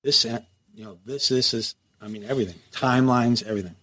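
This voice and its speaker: A fast-talking middle-aged man with a mid-range voice, formerly a prison captain, shares war stories in a casual interview. He is animated and profane, swearing freely and acting out quoted lines.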